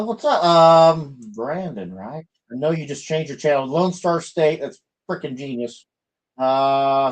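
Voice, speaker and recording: Chatty middle-aged man, slightly high voice. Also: darkish tone, low-quality recording. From American Midwest. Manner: rambling, chatty, many fillers and restarts. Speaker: livestream host. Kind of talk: casual livestream chat.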